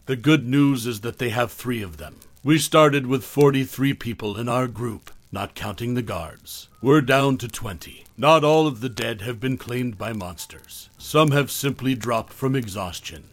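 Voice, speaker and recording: A man narrating a first-person horror story in a measured, scripted way, his phrases often trailing off softly. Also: mid-range voice, no echo.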